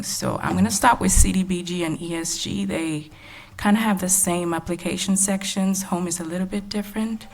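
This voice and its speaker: Texan woman going over grant scoring, low gravelly voice, a bit out of breath. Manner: soft-spoken and measured, with frequent fillers. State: short of breath. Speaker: grants evaluation staff presenter. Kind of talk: presenting at a public workshop.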